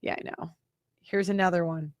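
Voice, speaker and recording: A woman hosting a commentary show, talking in an emphatic, exasperated way with halting restarts. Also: lowish voice, fairly even intonation, dry recording, clean studio sound. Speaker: commentary host reacting to clips. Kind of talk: casual reaction commentary.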